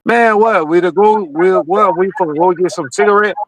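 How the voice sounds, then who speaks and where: A man's voice: sits high, moderate pace, dry recording, lightly acted, poor audio. A man putting on a joking Ghanaian-accent buddy. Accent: put-on Ghanaian. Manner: loose and joking.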